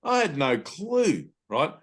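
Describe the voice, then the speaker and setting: A man leading a satsang, telling personal stories in a casual, animated way. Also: fairly high pitch, takes it slowly, breathy edge. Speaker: spiritual teacher. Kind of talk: satsang talk.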